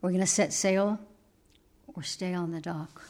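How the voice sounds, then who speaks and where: A woman giving a sermon, telling a story and moving between emphatic lines and hushed asides. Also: fairly low pitch, steady tone, a little slow. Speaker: preacher.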